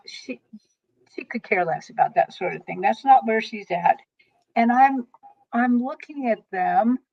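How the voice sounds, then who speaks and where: A woman with a fairly high voice tells long stories in an animated, rambling way, often breaking off and starting over. She is a guest on an interview show. The recording is dull and lo-fi. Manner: animated, rambling storyteller with frequent restarts. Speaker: guest, tarot reader. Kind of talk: storytelling interview chat.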